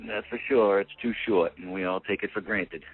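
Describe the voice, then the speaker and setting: A man with a Boston accent calling in to a radio show, friendly and relaxed. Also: low voice, brisk, slightly rough. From New England. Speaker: caller. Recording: dry phone-line sound.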